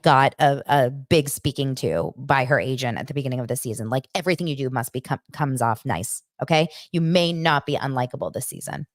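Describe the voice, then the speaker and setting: Chatty low-voiced woman host. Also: no echo, clean studio sound. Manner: chatty, animated, breaks into quick imitations. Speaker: podcast host recapping reality TV. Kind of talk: casual chat.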